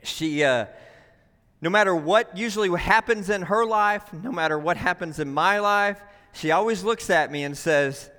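A man delivers a sermon in a church sanctuary, pressing each point home and checking in with the room. His voice sits high and sounds bright and edgy, with a long hall reverb trailing behind. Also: moderate pace, clear, resonant tone. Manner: emphatic, says "right?" often. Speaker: pastor.

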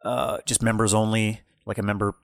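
A man's voice: lowish voice, fairly quick, creaky, dry recording, studio quality. A young man co-hosting a music podcast, telling stories in a rambling, casual way. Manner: animated, rambling storyteller. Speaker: podcast co-host. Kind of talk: casual chat.

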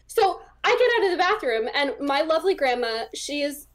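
A woman's voice: high voice, expressive, a little fast. A young woman talking as an interview guest, chatty and casual, with lots of fillers as she acts out the voices in her stories. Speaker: interview guest, psychic medium.

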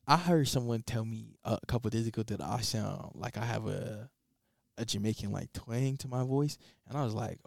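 A young man with a South Florida accent, chatting easily and getting animated when he makes a point in a casual podcast conversation. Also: fairly low pitch, moderate pace, vocal fry, no echo, clean studio sound. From South Florida, USA. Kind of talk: casual chat.

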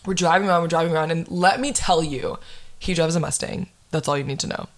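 A young woman in her twenties, a podcast host telling a dating story in casual chat, animated and full of "like". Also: deep voice, fast talker. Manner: animated, heavy use of "like".

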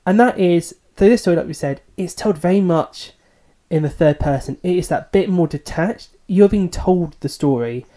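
Mellow-voiced man discussing a book. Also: sits high, moderate pace. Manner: thoughtful, hedging, self-deprecating. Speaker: podcast co-host.

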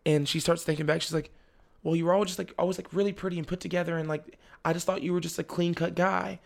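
A young man with a slightly high, gravelly voice, chatting as a podcast guest. He tells his story in a lively way, often laughing and playing out the lines of the people in it. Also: fast. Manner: animated, acts out family members' lines; laughs often while talking. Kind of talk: casual storytelling chat.

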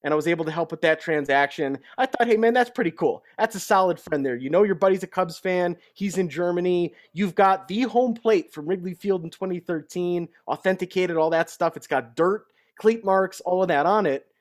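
Higher-voiced chatty man, dry sound. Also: normal speed, few pauses, dry recording. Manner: chatty storyteller. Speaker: podcast co-host. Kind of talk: casual sports talk.

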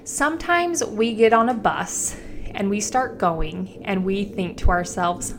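A young woman hosts her own podcast and tells a personal story in a casual, chatty way. She is animated and full of filler words, and her voice sits at a middle pitch. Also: a little slow, slight background noise. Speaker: podcast host and marriage coach.

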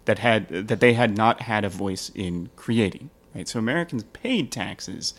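A man's voice: fairly low pitch, moderate pace. Man explaining history in casual chat. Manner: explains at length, laughs easily. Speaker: history podcast host.

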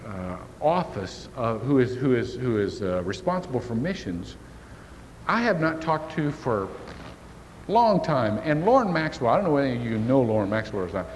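Lively folksy male pastor preaching. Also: moderate pace. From Indiana. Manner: folksy storytelling with lively shifts in pitch. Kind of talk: sermon. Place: church sanctuary. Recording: church hall reverb, faint hiss.

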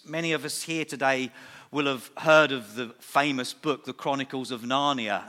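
In a reverberant church hall, a middle-aged man preaches a sermon at a service with a fairly high-pitched, sharp voice. He speaks emphatically, repeating key phrases to give them weight.

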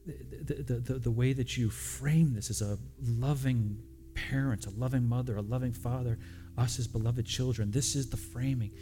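A man's voice: medium pitch, fairly even intonation, moderate pace, warm tone, a little hiss or hum. A man preaching as pastor, speaking earnestly and directly, often repeating phrases, then leading a communion prayer. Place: church sanctuary with congregation.

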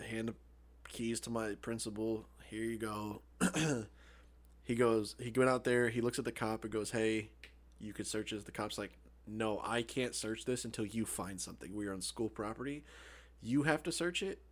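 A young man co-hosting a podcast, telling a story in a casual, profane, laughing way. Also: fairly low pitch. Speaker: podcast co-host.

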